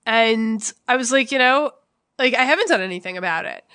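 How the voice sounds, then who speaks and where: A young woman co-hosts a podcast and tells her story in candid, conversational bursts. She is raw and blunt and swears freely. Her voice is bright and sits a little high. The studio sound is close and dry. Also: expressive, a little fast, dry recording. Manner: emotional, blunt and profane. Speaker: podcast co-host.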